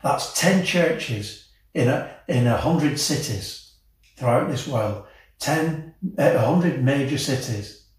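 A man preaching a sermon with passion, swelling to emotional peaks and dropping low and soft. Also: animated, slow. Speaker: pastor. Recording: very echoey, from a distance.

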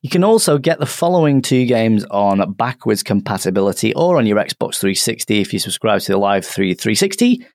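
Low-voiced Northern English man joking as podcast host. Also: big pitch swings, fairly quick, hardly any pauses, a little mellow, no echo, clean studio sound. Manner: joking, self-mocking banter. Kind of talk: casual chat.

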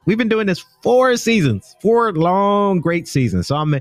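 A man's voice: high voice, sing-song, a little slow, no echo, faint music behind. A man from the United States hosting a podcast, talking through the news in a loose, rambling way and stopping often to correct himself. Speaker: podcast host. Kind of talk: casual podcast commentary.

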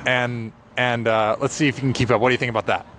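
A man's voice: mid-range voice, fairly even intonation, a bit bright, slight background noise. Playful man chatting in a car. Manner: playful, halting with fillers. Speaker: podcast co-host, narrator. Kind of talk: casual chat.

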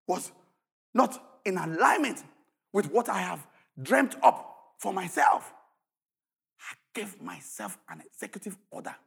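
A man preaching a sermon as pastor, shouting at the peaks and telling stories with a lively, swooping delivery. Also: a little high, creaky, husky.

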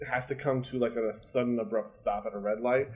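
A man's voice: medium pitch, fairly even intonation, fairly quick, a little mellow, low-quality recording. A man co-hosting a podcast, chatting casually with lots of fillers, swearing and laughter. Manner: rambling, filler-heavy, swears freely, laughs often. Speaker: podcast co-host. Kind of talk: casual chat recapping a sitcom.

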